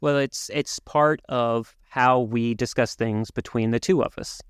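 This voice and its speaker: A man co-hosting a podcast, talking through world events in an earnest, measured way with some restarts. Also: mid-range voice, fairly even intonation, smooth, no room sound, clean studio sound. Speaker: podcast co-host. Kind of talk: casual conversational commentary.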